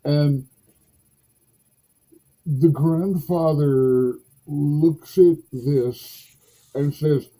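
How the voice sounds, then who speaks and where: A man chats on a podcast, drifting from argument into a folktale and joking at his own expense. His voice is very dark and mellow with a husky grain, and he takes his time. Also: a little high, slow, poor audio. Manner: musing, rambling, self-deprecating. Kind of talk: casual podcast conversation and storytelling.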